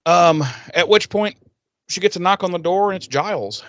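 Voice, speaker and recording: A man co-hosting a podcast who recaps a TV episode in casual, profane talk, laughing often and getting animated. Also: sits high, moderate pace, dry recording. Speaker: podcast co-host.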